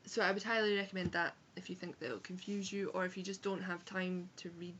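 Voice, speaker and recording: A woman's voice: lowish voice, steady tone, fairly quick, a bit bright, husky, lo-fi sound. A young woman with an Edinburgh Scottish accent, chatting frankly through a casual book review vlog, with swearing and self-corrections. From Scotland. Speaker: book vlogger. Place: home room on a rainy day.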